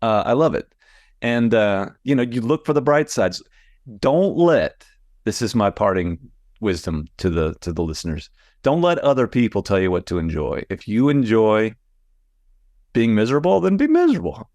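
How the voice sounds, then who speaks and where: A man's voice: lowish voice, expressive, normal speed, darkish tone, no room sound. A man co-hosting a casual podcast as a sports columnist, joking wryly and laughing as he talks. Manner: joking, wry, laughs while talking.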